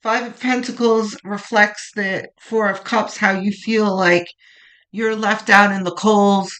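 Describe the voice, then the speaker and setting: Slow, gentle tarot reader. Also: mid-range voice, fairly even intonation. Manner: gentle, reassuring, often trails off softly; frequent restarts and fillers. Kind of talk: pick-a-card tarot reading to camera.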